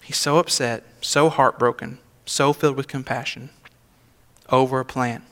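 Emphatic young preacher in a reverberant hall. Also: male voice, mid-range voice, steady tone, moderate pace, a bit bright. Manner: conversational, emphatic preaching with rhetorical asides. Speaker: senior pastor. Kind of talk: sermon. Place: church sanctuary. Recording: long hall reverb of a church sanctuary.

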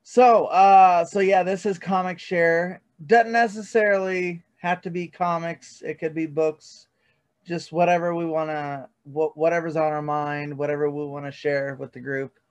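A man's voice: fairly high pitch, steady tone, measured pace, clear, resonant tone. A man hosting a casual podcast chat, rambling loosely with many fillers. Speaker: podcast host. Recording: dull lo-fi sound.

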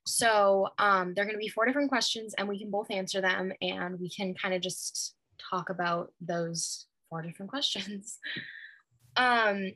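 A woman's voice: mid-range voice, unhurried, sharp tone, dry recording. A woman co-hosting a podcast in casual chat, chatty and laughing, with lots of fillers. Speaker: podcast co-host.

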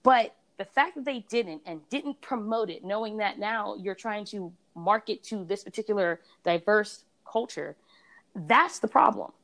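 A woman's voice: mid-range voice, measured pace, a bit bright. A woman in a casual conversation about beauty brands, a reviewer and blogger who tells her stories with animation and acts out other people's voices.

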